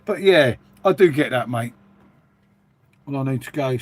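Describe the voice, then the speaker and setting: A man's voice: mid-range voice, animated, measured pace, slight background noise. A middle-aged Englishman, chatting casually and rambling to viewers on a live stream. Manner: chatty, rambling, matey, reading out viewer comments. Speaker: livestream host.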